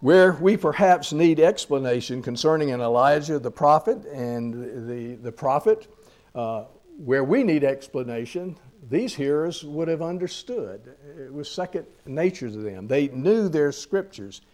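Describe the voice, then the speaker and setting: A man with a somewhat high voice preaches a sermon, reading verses aloud and pausing to ask his listeners rhetorical questions. His delivery is that of a pastor explaining scripture line by line. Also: animated, darkish tone.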